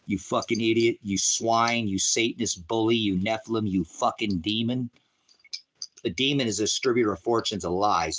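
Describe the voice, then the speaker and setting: Profane taunting man ranting at chat. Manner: profane, taunting, mocking laughter; swings from low mutter to high shouting. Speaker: livestream preacher. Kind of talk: heated livestream rant at chat.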